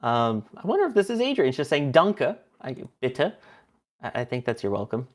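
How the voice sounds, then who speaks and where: A man's voice: mid-range voice, wildly swooping pitch, brisk. Punning man reading viewer messages. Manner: chatty, punning, laughs often. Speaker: co-host.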